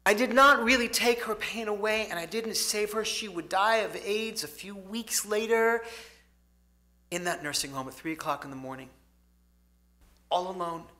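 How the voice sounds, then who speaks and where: A man giving an inspirational talk to a congregation in a synagogue hall, swinging between loud emphasis and hushed softness. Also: high voice. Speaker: motivational speaker.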